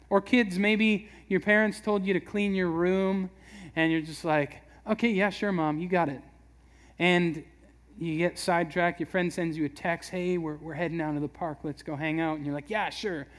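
High-voiced man preaching casually. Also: steady tone. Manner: conversational, acts out quick voices for everyday scenes. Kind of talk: casual sermon.

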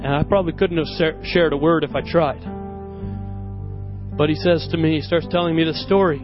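A man preaching a sermon to his church, telling a personal story as an animated storyteller who often laughs at himself. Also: a little high, a little fast. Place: church service. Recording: slightly dull recording with worship music behind.

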